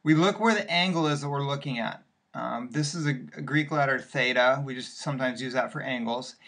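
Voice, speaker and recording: A man's voice: mid-range voice, a little fast, a bit bright. A male math teacher walking patiently through worked examples in a recorded lesson, step by step with occasional fillers.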